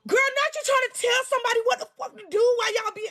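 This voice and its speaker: A woman vlogger telling an embarrassing storytime. She is crude and self-mocking, talks straight to her viewers, and turns loud when she teases herself. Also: extremely high pitch, quick pace. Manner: animated, loud bursts when teasing herself. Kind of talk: storytime vlog.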